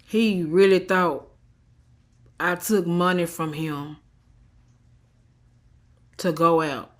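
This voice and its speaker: A tearful woman, venting defiantly into a phone held at arm's length, swinging from quiet and subdued to heated. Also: fairly low pitch, fairly even intonation, drawn-out words. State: tearful after crying. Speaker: vlogger. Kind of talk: emotional selfie vlog rant.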